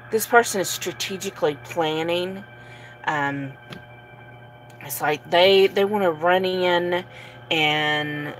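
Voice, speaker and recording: Slow, low-voiced woman reading tarot. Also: a little hiss or hum, low-quality recording. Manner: relaxed, many fillers and soft laughs. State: sleepy, yawning. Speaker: tarot reader. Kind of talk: casual tarot reading to camera.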